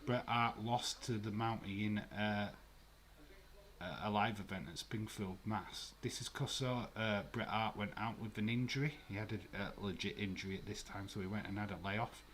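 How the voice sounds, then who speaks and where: Chatty man, low voice. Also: fairly even intonation, normal speed, a bit bright, slight background noise. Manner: chatty, swears freely, laughs while reading out viewer comments. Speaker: live-stream host. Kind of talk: casual live watch-along commentary.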